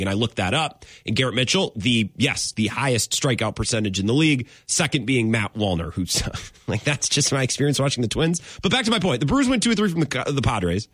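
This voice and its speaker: Animated man hosting a sports podcast. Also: mid-range voice, brisk, breathy edge, no echo, clean studio sound. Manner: animated, laughs often, wanders off and circles back. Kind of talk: casual sports talk.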